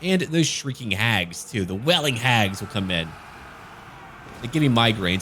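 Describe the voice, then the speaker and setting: A man's voice: mid-range voice, lively intonation, a little slow, fairly bright tone, breathy edge. A man giving gameplay commentary as a gaming channel host, with dry, joking asides.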